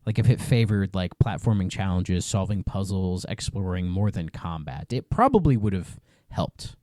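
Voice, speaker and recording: A laid-back man with an Ohio accent hosts a podcast in a casual, filler-heavy way. His voice sits on the low side. The recording is dry and close. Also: sing-song, moderate pace, warm tone, no room sound. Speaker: podcast host.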